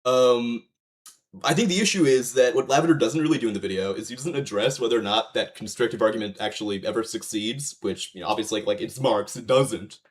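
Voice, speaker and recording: A man's voice: mid-range voice, fairly quick. A man doing casual livestream commentary, reacting to a video, rambling and swearing with frequent fillers and restarts.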